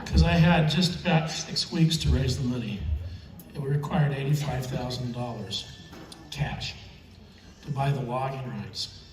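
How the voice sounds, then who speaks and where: A man's voice: medium pitch, distant mic, background noise. Chuckling man telling stories in a hall. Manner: chatty, chuckling, emotional storyteller. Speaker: keynote speaker. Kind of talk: storytelling speech on stage. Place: large event hall. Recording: echoey hall, mic heard from afar.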